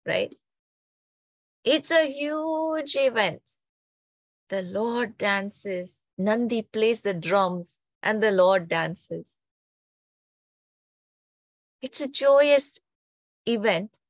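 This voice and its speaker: A woman telling a religious story in a lively, conversational way, often checking in with her listeners. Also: medium pitch, very slow, long pauses, dry recording. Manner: animated, conversational, frequent "right?" tags. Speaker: spiritual storyteller. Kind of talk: storytelling talk on mythology.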